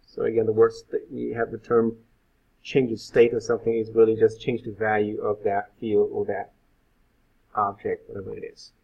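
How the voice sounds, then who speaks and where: A man's voice: on the low side, monotone, normal speed, creaky, mellow, breathy edge. A male web instructor giving an informal live coding lecture, thinking aloud with frequent fillers. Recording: phone-like lo-fi sound.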